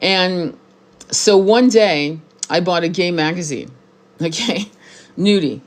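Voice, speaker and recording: A woman's voice: fairly low pitch, slow pace. Blunt, profane woman in her sixties. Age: 60s. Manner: blunt and profane, with emphatic repetition. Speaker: tarot reader and spiritual teacher. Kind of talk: casual monologue to camera.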